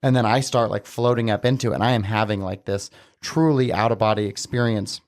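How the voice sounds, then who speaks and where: A man's voice: on the low side, fairly quick, darkish tone. A man talking as a podcast guest, telling a personal story casually and earnestly, with many filler words. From Southern Utah, USA.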